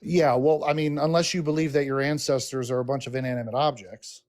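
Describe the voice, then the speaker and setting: A man's voice: medium pitch, fairly even intonation, a little fast, a little mellow. A man calling into a debate stream, confident and argumentative as he explains his view. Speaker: caller. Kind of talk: casual debate.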